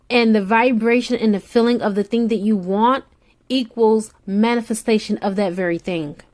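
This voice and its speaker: This tarot reader is a woman with a fairly high-pitched voice. Her soothing spiritual pep talk is aimed right at the listener, with encouragements she says again and again.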